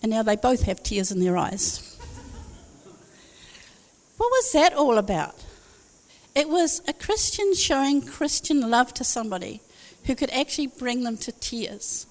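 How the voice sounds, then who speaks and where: A woman's voice: a little high, sing-song, a little slow, pauses often. A woman preaching a sermon, telling stories in a conversational way with wry asides. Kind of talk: sermon with storytelling. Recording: long hall reverb.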